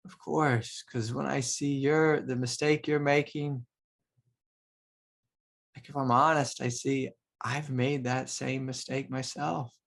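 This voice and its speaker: A spiritual teacher with a slightly gravelly, ordinary-pitched voice gives a casual talk in a level tone. He rambles reflectively, filling gaps with "like" and quiet laughter.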